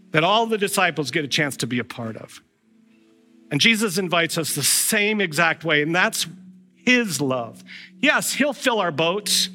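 Lively bright-voiced male pastor. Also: fairly high pitch. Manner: animated, acts out voices in retold scenes. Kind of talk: storytelling sermon.

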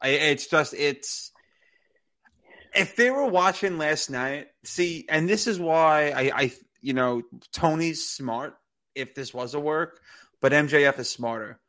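A man's voice: a little high, takes it slowly, sharp tone. A man co-hosting a casual podcast, talking in a loose, rambling way, full of "you know" and restarts. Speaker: podcast co-host. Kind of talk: casual wrestling podcast chat.

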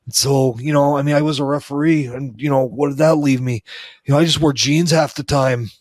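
Man, rambling deadpan storyteller, constant filler words, dry close recording. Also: medium pitch, brisk, no echo. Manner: rambling, heavy with fillers and restarts. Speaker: former wrestling referee telling stories.

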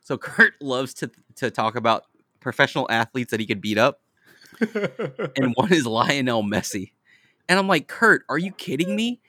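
A man co-hosting a podcast, telling animated, profane stories with frequent laughter. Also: mid-range voice, normal speed, no room sound, studio quality. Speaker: podcast co-host. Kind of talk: casual chat.

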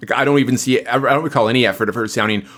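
Male co-host, mid-pitched voice, chatty, animated, lots of fillers. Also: racing. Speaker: podcast co-host. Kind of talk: casual film discussion.

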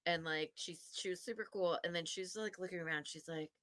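Bright-voiced woman telling a bar story. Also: on the low side, brisk. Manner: animated storyteller, acts out voices, laughs often. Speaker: podcast co-host; bartender. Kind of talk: casual chat, storytelling.

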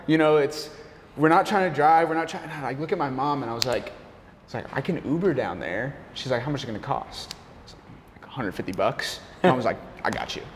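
A young man telling an animated story in a casual interview, laughing often and saying "like" and "bro" a lot. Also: mid-range voice, brisk, a little hiss or hum. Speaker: guest, café owner and barista. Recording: echoey room with long reverb.

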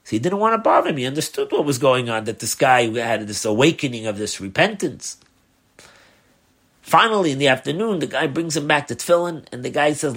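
A man's voice: medium pitch, brisk, husky. A man, a rabbi, telling a story in a loose lecture style and acting out the dialogue. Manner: animated, acts out the dialogue; loose, with fillers.

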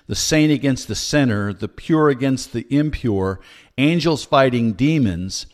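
A man hosts a commentary podcast, speaking at a mid-range pitch. His delivery is earnest and measured, with a steady, scripted flow. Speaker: podcast host.

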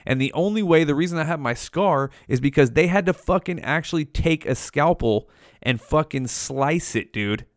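A man's voice: on the high side, expressive, moderate pace, no echo. Laid-back man, forties, swears freely; clean dry recording. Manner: laid-back, heavy swearing, keeps saying dude. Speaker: storyteller. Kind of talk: casual storytelling to camera.

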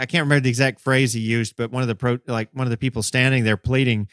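A man co-hosting a casual podcast discussion, animated, acting out quotes in voices and building long metaphors. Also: medium pitch, very fast, few pauses, smooth, no room sound, studio quality. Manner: talks in extended metaphors. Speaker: podcast co-host.

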